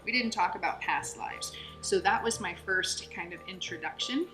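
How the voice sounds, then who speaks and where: A woman's voice: fairly low pitch, moderate pace. A middle-aged woman, a holistic health coach, telling her story in an interview, earnest and chatty with many fillers. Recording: roomy echo, music underneath.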